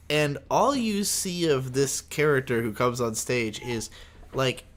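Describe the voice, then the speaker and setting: A man's voice: medium pitch, fairly bright tone. A man hosting a casual anime podcast, rambling through scene recaps and swearing for emphasis. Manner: rambling, many fillers and restarts, swears for emphasis. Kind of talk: casual chat.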